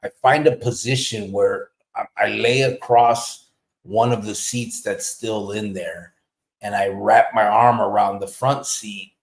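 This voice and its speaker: A man hosting a podcast, telling a story in a casual, profane, animated way. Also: lowish voice. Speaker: podcast host. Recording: roomy echo.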